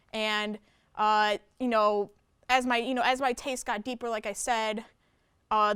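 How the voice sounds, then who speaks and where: A woman's voice: mid-range voice, clear, resonant tone, dry recording, studio quality. A young woman who plays guitar and sings death metal, chatting casually in an interview and rambling with lots of "like" and "you know". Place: campus radio studio.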